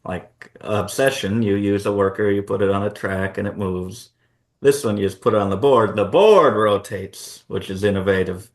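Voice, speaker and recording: Guy with a lowish voice chatting about board games, lots of ums, thinking out loud. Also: moderate pace. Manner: thinking aloud, trailing off with fillers. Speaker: board game channel co-host. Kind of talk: casual chat reacting to award nominees.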